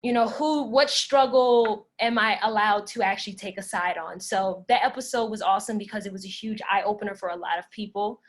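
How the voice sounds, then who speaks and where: A woman podcast host answering audience questions in a relaxed, talkative way, speaking with passion and filling pauses with "like" and "um". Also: medium pitch. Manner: passionate, talkative, many "like" and "um" fillers. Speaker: podcast host leading a workshop Q&A. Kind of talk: casual conversational Q&A.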